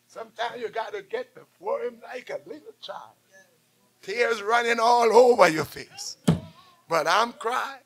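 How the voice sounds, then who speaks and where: A man preaching a call-and-response sermon, swinging from shouts to near-whispers as he tells stories. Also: extremely high pitch, moderate pace, gravelly.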